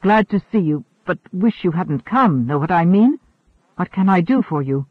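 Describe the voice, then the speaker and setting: A man voicing a big, loyal young working man who talks in a gruff, folksy, plain way. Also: sits high, expressive, moderate pace, no room sound. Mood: friendly. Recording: narrow phone-like sound.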